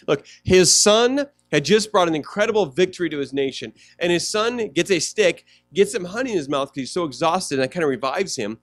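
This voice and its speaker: A man's voice: a little high, expressive, a little fast, few pauses, no echo. A male pastor preaching a sermon in a conversational way, often asking the congregation questions.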